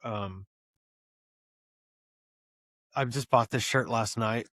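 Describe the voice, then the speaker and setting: A man's voice: medium pitch, extremely slow, a bit bright, no echo, clean studio sound. An older man co-hosting a casual chat with a laid-back, jokey manner. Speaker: podcast co-host. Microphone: video call.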